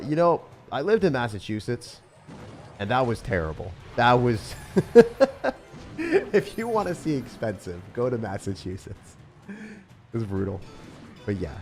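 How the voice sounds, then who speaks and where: A man's voice: medium pitch, sing-song, moderate pace, a little mellow, faint music behind. A young man streaming a game live, joking at his own expense and answering chat. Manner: self-mocking, jokey, reads and answers chat.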